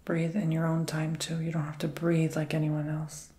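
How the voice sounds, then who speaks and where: A man giving an ASMR Reiki healing and tarot session, talking in a soft, mostly whispered, meandering and reassuring way. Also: a little high, monotone, normal speed, reverberant.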